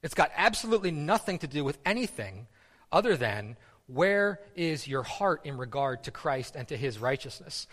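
A man's voice: a little high, big pitch swings, moderate pace, a bit bright. A man preaching a sermon in a casual, conversational way, often repeating words and using fillers. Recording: long reverb of a hall.

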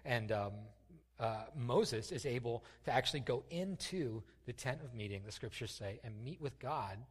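Man preaching casually in a reverberant hall. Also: mid-range voice. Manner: conversational preaching with many fillers and restarts. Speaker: pastor. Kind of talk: sermon.

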